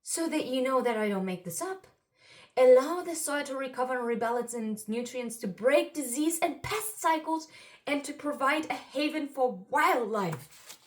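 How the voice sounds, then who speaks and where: Woman, card reader, higher voice, excitable and exclamatory. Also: normal speed. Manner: excitable, exclaiming, swings between murmuring and loud. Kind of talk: intuitive card reading to viewers.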